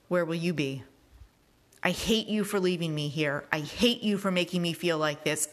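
Woman reader as hurt teenage boy, accusing, a touch low in pitch. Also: a bit bright, lightly acted. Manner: accusing, rhetorical questions. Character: angry hurt teenage boy, bitter and raw. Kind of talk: reading a novel aloud.

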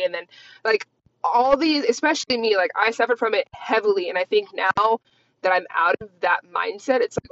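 A woman in her twenties hosts a casual solo podcast, rambling candidly and saying "like" a lot. Her voice is a little high, bright and animated, unhurried, on a slightly dull lo-fi recording with no echo.

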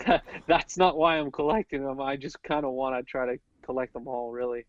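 A man's voice: medium pitch, steady tone, moderate pace, no room sound. Chatty man on muffled audio. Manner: earnest, chatty, with fillers. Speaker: podcast guest, pro wrestler. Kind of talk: casual podcast chat.

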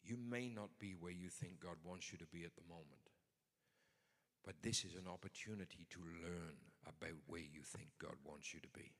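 A deep-voiced man delivers a sermon at normal speed in a large, roomy space. His style is conversational but emphatic, rising to forceful points.

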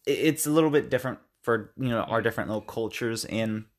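American podcast co-host, middle pitch, loose rambling film chat. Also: male voice, quick pace. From United States. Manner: rambling, self-correcting, acts out film lines. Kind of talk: casual film review chat.

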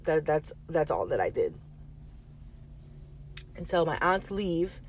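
A woman's voice: low voice, very animated, slow pace, slight background noise. A woman, a mother, telling a personal story in a candid, rambling way, repeating herself and swearing casually.

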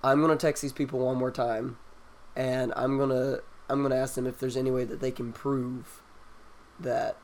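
A young man casually telling a story to friends, animated and acting out the lines he quotes. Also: mid-range voice, moderate pace. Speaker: storyteller in a group chat.

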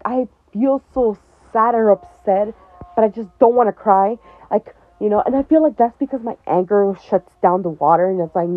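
A woman's voice: mid-range voice, dry recording. Tinny-sounding young woman talking bluntly. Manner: blunt, swears often, laughs between heavy points. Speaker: podcast host. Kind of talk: candid personal talk. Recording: dry, tinny phone-like sound.

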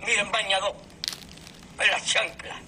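Excited high-pitched man shouting. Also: moderate pace, a little hiss or hum. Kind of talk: viral clip played from archive.

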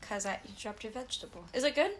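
A woman's voice: fairly high pitch, expressive, fast. A woman co-hosting a podcast, chatting casually and teasingly while eating, laughing often. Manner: giggly, teasing. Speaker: podcast co-host.

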